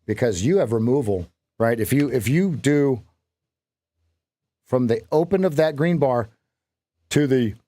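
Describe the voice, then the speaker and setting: A man hosting a live trading stream, talking in an animated voice that swings freely up and down. He works through sums out loud and cracks jokes that he laughs at himself. The sound is close and dry, with no room around it. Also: mid-range voice, a little slow, long pauses, dry recording. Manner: chatty, jokes at his own lines and laughs at them; thinks aloud while working out numbers. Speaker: trading coach and stream host.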